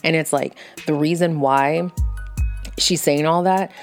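Blunt, profane woman with a low voice. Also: fairly even intonation, measured pace, soft background music. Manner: blunt, profane, fired-up storytelling. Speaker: vlogger venting about work. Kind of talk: casual storytime rant.

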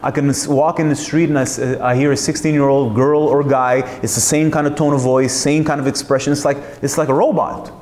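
A man's voice: mid-range voice, steady tone, brisk, hardly any pauses, a little mellow, roomy sound, slight background noise. A man hosting a talk, speaking in an emphatic, searching way, full of rhetorical questions and restarts. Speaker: host. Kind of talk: reflective monologue.

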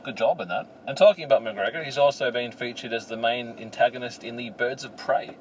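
Aussie bloke in his 30s, jokey casual chat, mid pitch, bit of road noise from the car. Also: fairly quick, poor audio. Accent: Australian. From Australia. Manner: jokey, teasing, laughs often. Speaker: podcast co-host. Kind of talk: casual chat while driving. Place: inside a moving car.

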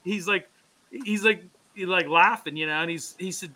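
A man's voice: high-pitched, moderate pace, sharp tone. A man co-hosting a hockey talk show, telling long stories in casual chat, full of "you know" fillers. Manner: rambling storyteller, many "you know" fillers.

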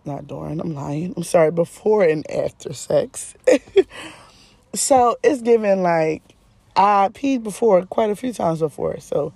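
A woman's voice: on the low side, creaky, dark tone, no room sound. A woman hosting a podcast, telling a personal story in a frank, casual way, often laughing and swearing. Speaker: podcast host.

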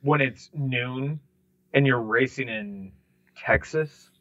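A man, co-hosting a sports podcast in casual chat, animated and mimicking people in quick bursts. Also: medium pitch. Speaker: podcast co-host. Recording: slightly dull lo-fi sound.

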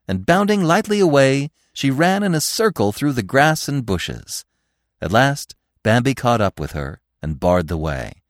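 Expressive man reading a storybook. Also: mid-range voice, measured pace, no room sound, studio quality. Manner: expressive, dramatic. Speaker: podcast host and reader. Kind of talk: scripted storybook narration.

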